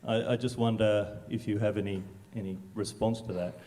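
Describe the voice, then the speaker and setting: A man with a low voice asks a question from the audience, hesitant and halting. The long reverb of a large auditorium hangs on his words. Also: steady tone, mellow. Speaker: audience member asking a question.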